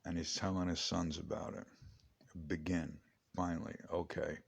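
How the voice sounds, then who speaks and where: A man in his late fifties reads his memoir in a very low, gravelly voice. He rambles from one aside to the next with a dry, joking tone, as if chatting at home. His delivery is loose and conversational rather than polished. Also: little pitch movement, normal speed. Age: 50s. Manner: chatty, digressive, wry asides. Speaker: author reading his memoir.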